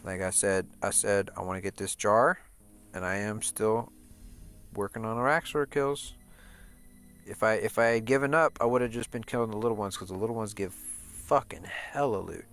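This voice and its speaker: Gravelly man ranting while gaming. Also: on the low side, normal speed, a bit bright. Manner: profane, rambling rant with many restarts. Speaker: gaming streamer. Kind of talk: casual chat over gameplay.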